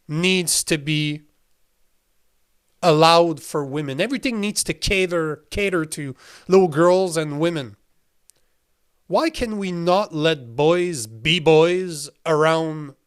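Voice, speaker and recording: Male show host, slightly raised pitch, angry swearing commentary with disbelieving laughter. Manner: heated and profane, frequent incredulous laughs. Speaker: podcast host. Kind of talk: livestream commentary reading chat.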